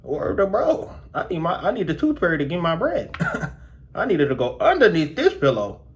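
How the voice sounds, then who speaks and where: A young man vlogging casually to his viewers about his dental work, slangy and animated, his mouth still sore. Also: fairly high pitch, moderate pace. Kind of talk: casual storytelling vlog.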